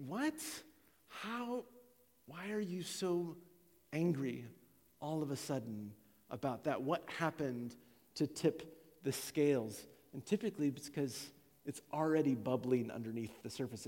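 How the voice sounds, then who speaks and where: A man's voice: on the high side, a little mellow. A middle-aged man, a pastor, preaching a candid, confessional personal sermon. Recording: long hall reverb.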